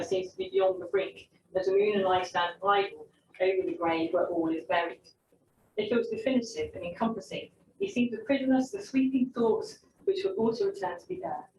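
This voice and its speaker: A young woman presents her literary essay, reading steadily and breaking off into wry, self-interrupting asides. Her voice sits at a middle pitch and carries a roomy echo, with the mic set some distance away. A faint hum of ambience runs underneath.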